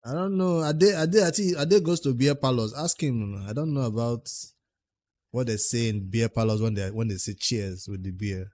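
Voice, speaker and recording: A man's voice: medium pitch, moderate pace, darkish tone, no echo. A man with a Nigerian accent livestreaming a game, chatting casually, answering viewers' questions and muttering about his progress. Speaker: game streamer.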